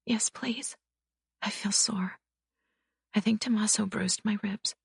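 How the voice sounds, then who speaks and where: A timid, bruised young wife with a quiet, shaky, breathy voice. She speaks high and soft, and the recording is dry and close. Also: fairly even intonation, takes it slowly, dry recording, exaggerated voice.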